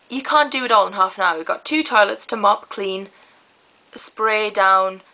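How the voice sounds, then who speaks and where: A teenage girl, chatting to camera in a rambling, lively way. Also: medium pitch, creaky, rough recording. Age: teens. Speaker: vlogger. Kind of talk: casual chat to camera.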